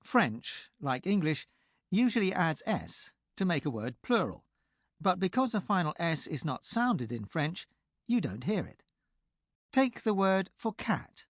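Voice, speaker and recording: A man reading a scripted language lesson for an audiobook, speaking clearly and explaining step by step. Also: sits high, big pitch swings, measured pace, no room sound, studio quality. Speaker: language tutor.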